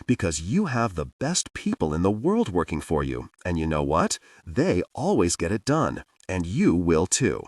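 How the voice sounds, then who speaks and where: A man's voice: low voice, wildly swooping pitch, moderate pace, hardly any pauses, slightly rough, no room sound, recorded from a distance, full character voice. A man voicing a wry, commanding older woman in an audiobook, teasing in a dry way.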